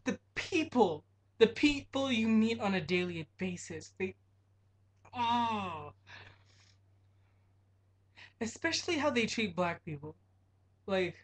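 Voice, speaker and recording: A young woman working as a grocery clerk, ranting in an exasperated, emphatic way with frequent swearing. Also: medium pitch. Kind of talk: ranting vlog monologue.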